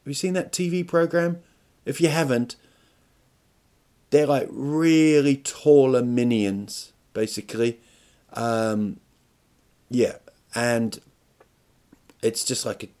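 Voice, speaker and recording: A man telling a rambling, self-mocking comic story on his podcast. His pitch sits at an ordinary middle level, and he stumbles through plenty of ums and restarts. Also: a little mellow. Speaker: podcast host and comedian.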